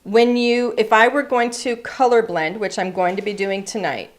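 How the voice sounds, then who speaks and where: A woman's voice: mid-range voice, steady tone, moderate pace. A woman hosting a live card-making class, chatty and upbeat, greeting viewers by name as she demonstrates. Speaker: craft class host. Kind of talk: live-streamed craft demonstration. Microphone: overhead camera setup.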